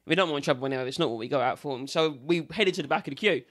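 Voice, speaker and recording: A young man, a podcast guest, telling a wild story in casual chat, animated and swearing freely. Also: on the high side, very fast. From England.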